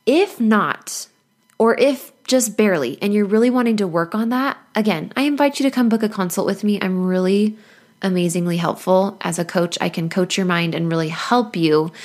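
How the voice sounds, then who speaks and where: A woman's voice: lowish voice, darkish tone. Earnest, encouraging woman life coach. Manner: earnest and encouraging, laughs often, playful asides. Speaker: life coach and podcast host. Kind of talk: motivational podcast monologue.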